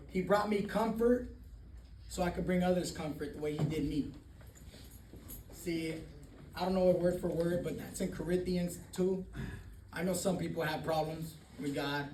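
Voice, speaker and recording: At a recovery meeting, a man with a high but darkish voice shares his personal story candidly, swearing freely and laughing often. The recording is roomy, with a distant mic and faint noise in the meeting room.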